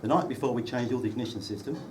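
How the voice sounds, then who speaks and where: A man with a mid-range voice races through a comic wedding speech, poking fun at the groom with dry, well-timed anecdotes. He's indoors at the reception. The recording comes from a distant mic and is full of loud room noise.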